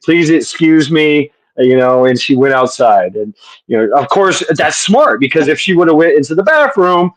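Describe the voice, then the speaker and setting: A man's voice: medium pitch, big pitch swings, moderate pace, no room sound, poor audio. Laughing man rambling through a story. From southern US. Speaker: panel host. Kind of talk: casual storytelling chat.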